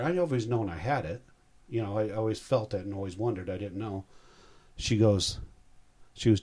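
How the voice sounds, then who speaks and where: A man's voice: on the low side, brisk, mellow. A man in his sixties, a guest recounting a personal story in a rambling, heartfelt way. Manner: rambling, heartfelt, self-interrupting.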